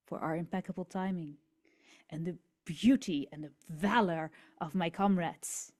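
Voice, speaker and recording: A woman's voice: fairly low pitch, mellow, pitched below the performer's own voice, natural voice. A woman voicing a young male hero who makes a grand, rhetorical appeal to a crowd.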